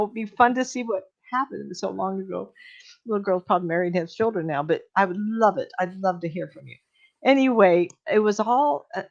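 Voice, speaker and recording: An older woman, a medium, telling stories casually on a radio show in a chatty, animated way, often laughing. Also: mid-range voice, muffled recording. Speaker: psychic medium guest.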